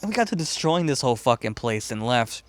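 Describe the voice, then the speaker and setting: A man's voice: mid-range voice, sing-song, fast, no echo. A man from Chicago hosting a podcast, telling a story casually and profanely, rambling and laughing as he goes. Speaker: podcast host.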